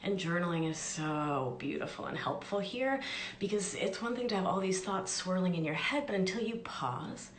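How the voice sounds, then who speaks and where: A woman's voice: lowish voice, expressive, normal speed. A woman life coach and podcast host, chatting casually on a live stream with upbeat, self-deprecating asides. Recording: echoey room with faint background noise.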